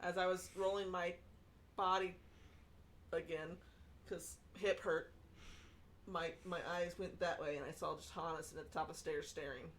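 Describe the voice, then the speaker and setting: A woman's voice: fairly low pitch, unhurried, pauses often, slight background noise. A woman with a Southern US accent telling stories and swearing while she chats casually during a game stream. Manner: lively storytelling, swearing. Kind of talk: casual chat while gaming. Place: home, streaming.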